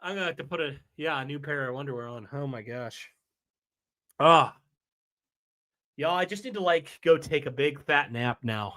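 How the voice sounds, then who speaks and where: A man hosting a live reaction stream, excited and rambling, apologizing as he juggles things. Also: on the high side, moderate pace, long pauses. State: recovering from a week of sickness, coughing.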